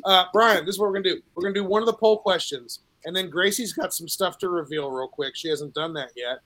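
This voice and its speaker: A man co-hosting a casual podcast, briskly directing the show's running order. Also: high-pitched, a bit bright. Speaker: podcast co-host. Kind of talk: casual chat.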